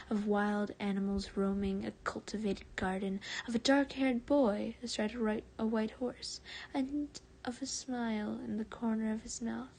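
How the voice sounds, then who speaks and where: Slight background noise accompanies a woman streamer with a mid-range voice as she reads fan fiction on a live stream. Often soft and breathy, she stumbles, corrects herself, and chats with viewers in between.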